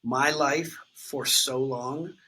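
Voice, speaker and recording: A man's voice: medium pitch, fairly even intonation, very slow, bright, forceful tone, slight background noise, poor audio. A man, candidly telling his recovery story in an interview, swearing freely and filling with "like" and "um". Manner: raw, unfiltered, swears freely, many fillers like "like" and "um".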